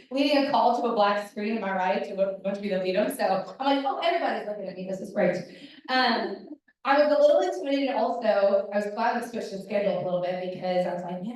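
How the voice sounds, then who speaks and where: A woman's voice: mid-range voice, a little mellow. A woman leading a network marketing team, giving a casual motivational talk. She is chatty and self-deprecating, and she acts out her own past remarks. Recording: echoey hall, voice from a distance.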